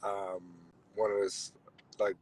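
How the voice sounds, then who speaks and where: A man's voice: fairly low pitch, monotone, takes it slowly, darkish tone, breathy edge, no echo, low-quality recording. A young man from Australia, a podcast guest, chatting in a laid-back way with lots of fillers and laughs. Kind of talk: casual chat.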